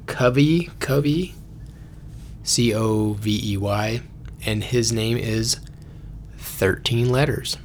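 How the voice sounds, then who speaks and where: A man's voice: fairly low pitch, slow pace, long pauses, slight background noise. A man hosting a casual podcast, reading facts from notes and joking with friends. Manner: joking, laughs often, reads facts from notes. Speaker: podcast host. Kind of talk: casual chat.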